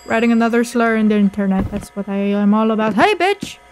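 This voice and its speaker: A woman hosting a video game playthrough, chatting casually with crude jokes and sudden loud outbursts. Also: mid-range voice, flat delivery, quick pace, slight background noise. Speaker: gaming video host. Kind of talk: casual let's play commentary.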